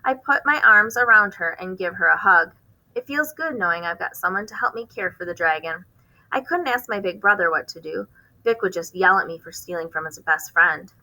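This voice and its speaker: Woman reading a children's novel aloud, bright tone, expressive, a few stumbles and rereads. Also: fairly low pitch, a little fast, rough recording. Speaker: reader hosting a book channel.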